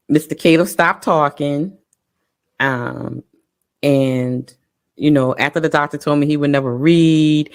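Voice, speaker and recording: A woman co-hosting a parents' talk show, telling a personal story in an emotional, halting way with many pauses and restarts. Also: sits low. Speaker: parent co-host. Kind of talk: casual personal testimony.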